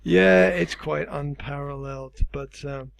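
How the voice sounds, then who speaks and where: Gravelly man, rambling, losing his voice. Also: a little high, a little slow, dry recording, poor audio. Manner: rambling, repeats words while thinking. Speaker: teacher and interviewer. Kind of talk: casual interview.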